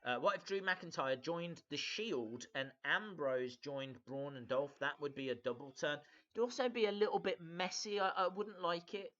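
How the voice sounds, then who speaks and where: Hosting a laid-back live reaction stream, this man speaks at normal speed in a somewhat high, bright, forward voice that comes through dull and lo-fi. He rambles hesitantly, full of fillers, welcoming viewers and reading their comments aloud to respond.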